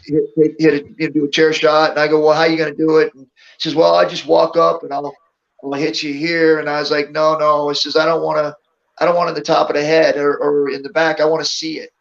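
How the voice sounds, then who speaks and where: A middle-aged man with a fairly high, gravelly voice tells stories casually and laughs along as he talks. The sound is dull and lo-fi, like a remote call. He is a guest being interviewed. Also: level tone, fast talker. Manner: laughs often while telling stories. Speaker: interview guest, former wrestler. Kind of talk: casual storytelling.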